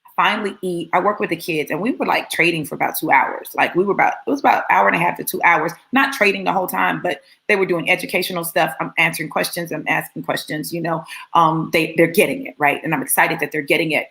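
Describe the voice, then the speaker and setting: A woman with a lowish, gravelly voice tells a personal story to people watching live. She talks in a lively, storytelling way and often repeats her phrases for emphasis. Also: fast talker, rough recording. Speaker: motivational speaker addressing live viewers. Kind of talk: casual testimony chat.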